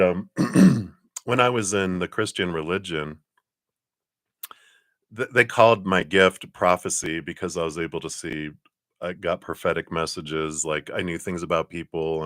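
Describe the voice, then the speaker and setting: A middle-aged man hosting a live card-reading stream, chatting casually, often chuckling and clearing his throat. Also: deep voice, fairly bright tone.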